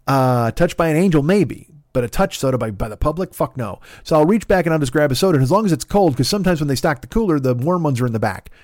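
A man's voice: a little high, expressive, fast, few pauses, a little mellow, no echo, studio quality. A man hosting a podcast, telling a long story in a casual, rambling, profane way and mocking himself as he goes. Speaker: podcast host.

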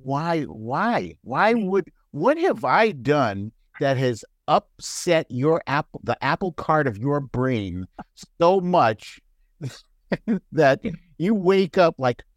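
A man chatting casually as a podcast guest, laughing often and jumping into high mocking voices. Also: very animated, takes it slowly, dry recording, clean studio sound. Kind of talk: casual chat.

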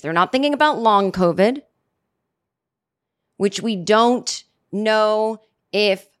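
A middle-aged woman hosts her own comedy podcast alone at a studio microphone. She rambles from thought to thought with dry sarcasm, breaking off for self-deprecating asides. Her pitch sits squarely in the ordinary middle for a woman. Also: a bit bright. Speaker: podcast host. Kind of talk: solo comedic podcast monologue.

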